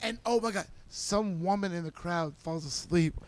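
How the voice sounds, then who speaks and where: A man's voice: high voice, normal speed. A man co-hosting a podcast, telling a rowdy drinking story in casual chat and acting out the lines he quotes. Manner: animated, laughing, acts out quotes loudly. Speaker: podcast co-host.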